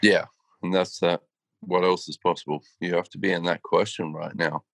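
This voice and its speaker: A man's voice: deep voice, steady tone, normal speed, creaky, fairly bright tone, no echo. Earnest man in reflective chat. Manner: reflective, earnest, self-quoting. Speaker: co-host. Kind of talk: casual chat.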